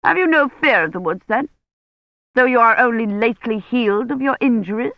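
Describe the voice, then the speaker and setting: A woman's voice: on the high side, lively intonation, a little fast, no room sound, pitched above the performer's own voice. A stern, proud older noblewoman who talks down to others, put on by a woman reading aloud. The sound is dry and close, slightly muffled and lo-fi. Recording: dull dry lo-fi recording.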